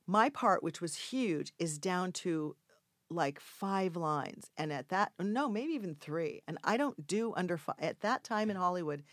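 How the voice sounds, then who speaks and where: An older woman telling a casual anecdote in an interview, acting out the quoted voices with sudden loud, high outbursts. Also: a little slow, no echo, studio quality. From Mexico. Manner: animated storyteller acting out quoted lines with big jumps in pitch and volume. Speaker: actress guest telling a story.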